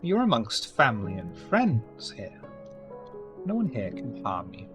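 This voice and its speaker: A man's voice: medium pitch, huge pitch swings, measured pace, music in the background, pitched above the performer's own voice. A man doing a suave old vampire necromancer. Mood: smooth.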